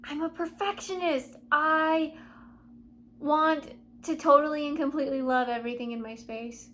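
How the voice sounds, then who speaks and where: High-voiced woman musing to camera. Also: normal speed, a little hiss or hum. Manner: dreamy, soul-searching, swings from hushed to excited. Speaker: vlogger. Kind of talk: confessional talk to camera. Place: at home, seated.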